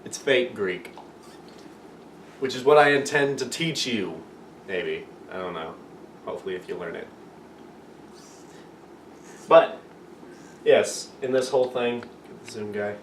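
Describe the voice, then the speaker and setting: A man's voice: mid-range voice, expressive, measured pace, long pauses. A man giving a casual, joking lesson on a made-up alphabet, rambling and poking fun at himself. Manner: rambling, self-mocking, playful. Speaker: amateur video teacher. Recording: roomy echo, far from the mic, faint room noise.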